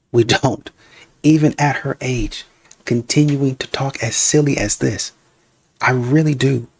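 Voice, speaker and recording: A man's voice: mid-range voice, slightly rough, no echo. Male reaction host, dry close sound, blunt and scolding. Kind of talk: casual commentary.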